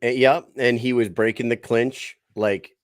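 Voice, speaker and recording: A man's voice: mid-range voice, fairly even intonation, a little slow, no room sound, clean studio sound. Blunt, exasperated man on a podcast. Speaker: podcast co-host. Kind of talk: casual podcast chat.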